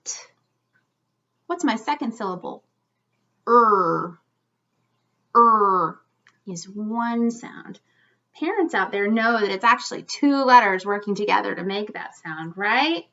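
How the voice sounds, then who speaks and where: A woman teaching a children's lesson, speaking clearly and slowly as she demonstrates for young learners. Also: mid-range voice, lively intonation, a bit bright. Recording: slightly dull lo-fi sound.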